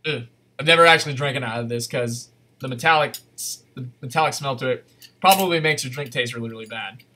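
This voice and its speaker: A man telling a casual, rambling story on a convention panel, full of fillers and laughs, with high animated voices for the people he quotes. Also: quick pace.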